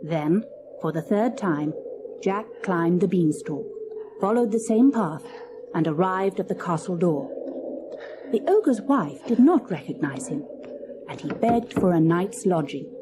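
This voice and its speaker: A woman's voice: fairly low pitch, lively intonation, a little slow, background noise. A woman narrating a children's storybook audiobook, reading expressively and dramatically.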